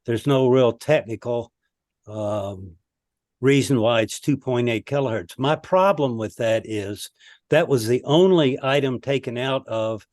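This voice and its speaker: A man on a video call giving a knowledgeable comment, halting often with fillers. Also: mid-range voice, darkish tone, no echo, clean studio sound. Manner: hesitant, many fillers, recounting. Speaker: participant with expertise.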